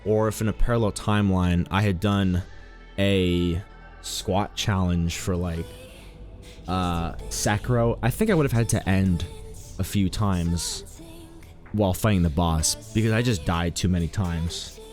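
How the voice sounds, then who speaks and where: A man's voice: sits low, unhurried, a little mellow, faint music behind. A man streaming a game, chatting casually in a rambling, joking, self-mocking way. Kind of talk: casual live-stream commentary.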